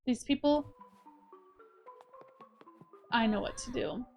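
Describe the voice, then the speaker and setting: A woman with a fairly high voice talks through a video game with casual, playful commentary. She reads on-screen text aloud between quips, with faint game music underneath. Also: takes it slowly. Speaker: let's play host.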